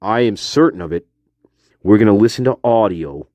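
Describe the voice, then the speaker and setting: A man's voice: on the low side, animated, normal speed, darkish tone, dry recording. Angry, profane man ranting on a livestream. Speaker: livestream host. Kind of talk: livestream rant. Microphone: phone.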